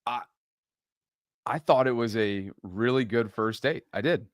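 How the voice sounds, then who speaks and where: A man's voice: mid-range voice, unhurried, dry recording, studio quality. A young man co-hosting a podcast, telling a dating story in casual chat with frequent laughs and self-deprecating humor. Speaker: podcast co-host.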